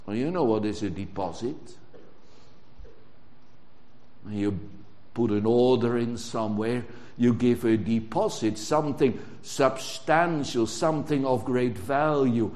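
A man preaching a sermon in English, stressing words strongly and drawing phrases out. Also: medium pitch. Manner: emphatic, drawn-out preaching with sudden loud stresses. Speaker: pastor.

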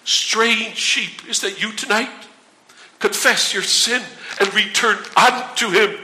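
A man's voice: high-pitched, slow pace, pushed and bright. Man, preacher, sermon, earnest pleading questions, ringing edge, echoey room. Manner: earnest, pleading, many direct questions to the listener.

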